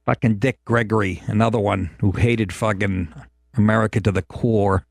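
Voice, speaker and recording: A man's voice: on the low side, fairly even intonation, moderate pace, vocal fry, dry recording, studio quality. A middle-aged man hosting a talk show, ranting in a profane, sarcastic and exasperated way. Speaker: host.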